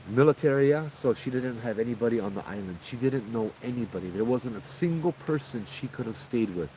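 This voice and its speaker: A man, casually retelling a paranormal encounter as host, in an animated, conversational way. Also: mid-range voice, fairly quick, a little hiss or hum, low-quality recording. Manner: animated, conversational retelling with frequent "you know" and "right?". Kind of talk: casual spoken ghost story.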